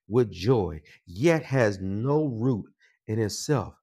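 A man preaching a sermon. He repeats his phrases and climbs higher and louder as he drives a point home. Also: lively intonation, takes it slowly, gravelly, slightly rough. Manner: builds in pitch and volume, repeats phrases for emphasis.

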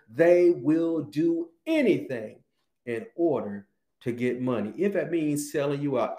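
A male preacher giving a sermon, reading scripture slowly and repeating key phrases for emphasis. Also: fairly high pitch, mellow, reverberant.

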